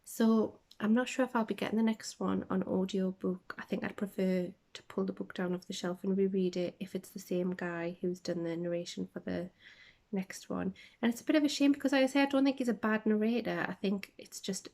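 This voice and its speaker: A woman hosting a casual podcast, rambling through book chat with lots of ums and tangents, sometimes dropping to a soft half-whisper, recorded on a phone. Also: mid-range voice, steady tone, a little fast, gravelly. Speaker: podcast host. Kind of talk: casual chat about books.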